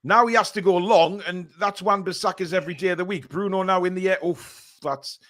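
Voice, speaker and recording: A man hosting a live fan watchalong, calling the match play by play and reading viewer messages, partisan and quick to outrage. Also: high voice. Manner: excitable, shouts at big chances and bad calls; indignant, partisan.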